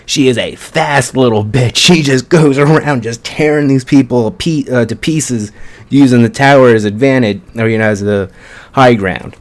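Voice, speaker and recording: A man casually recapping an anime episode in an excited, chatty way, with plenty of swearing. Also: mid-range voice, moderate pace. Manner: excited, profane, chatty storytelling. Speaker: anime reviewer.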